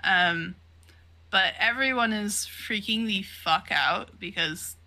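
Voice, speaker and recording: A woman co-hosting a podcast, talking in a loose, casual way as she recaps a manga. Her voice is bright and a little tense. She swears freely and leans heavily on fillers. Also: medium pitch, takes it slowly. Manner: swears freely, retells scenes while acting out the characters' lines; filler-heavy, laughs often. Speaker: podcast co-host.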